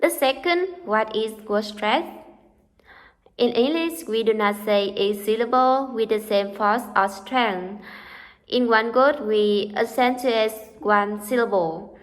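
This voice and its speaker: Young woman, student presenter, slow careful read, hall reverb. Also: on the high side. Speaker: student group leader presenting. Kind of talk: read-aloud class presentation.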